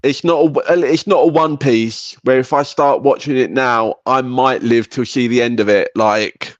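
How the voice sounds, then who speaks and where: A man hosts a relaxed podcast conversation, firing off curious questions and dropping casual swear words. His voice sits at a middle pitch and comes through dry and slightly muffled, like a lo-fi mic. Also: moderate pace, dry recording. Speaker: podcast host. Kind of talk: casual chat.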